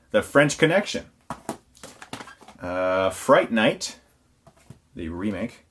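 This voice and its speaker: A man's voice: fairly low pitch, very animated, takes it slowly, pauses often, a bit bright, slight background noise. A man reviewing films who walks through his collection in a casual on-camera listing, dropping wry, sarcastic asides.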